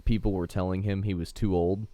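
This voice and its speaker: Male podcast talker, very deep and mellow, dry close sound, argues in full sentences. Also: steady tone, a little fast, no echo. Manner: argumentative, makes long points in full sentences. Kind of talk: casual podcast chat about fighting.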